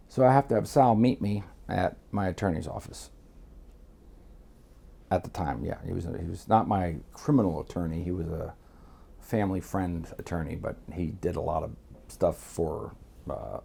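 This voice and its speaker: Middle-aged man from Miami, dark husky voice, blunt profane storyteller. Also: sits low. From Miami, United States. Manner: blunt, swears freely, acts out quotes. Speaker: guest.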